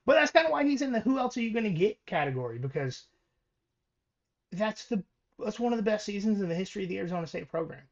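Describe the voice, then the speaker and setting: With a high voice and lots of energy, this podcast co-host talks fast about sports, reading records through many ums and restarts. The highs in the audio are cut off.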